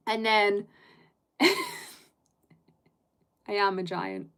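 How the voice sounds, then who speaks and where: A woman's voice: mid-range voice, sing-song, extremely slow, a bit bright, clean tone. A British woman live-streaming, chatting casually with viewers in a rambling way and laughing often.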